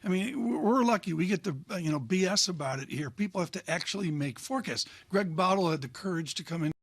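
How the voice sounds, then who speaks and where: A man's voice: high voice, lively intonation, fast talker, slightly rough, dry recording, studio quality. A man co-hosting a live market talk show, wry and jokey, rambling with restarts. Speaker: co-host.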